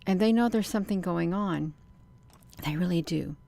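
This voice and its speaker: A woman, talking excitedly to her viewers as she comments on a screen in a casual livestream. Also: lowish voice, moderate pace, gravelly. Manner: excited, talks to viewers as "you all". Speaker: video creator.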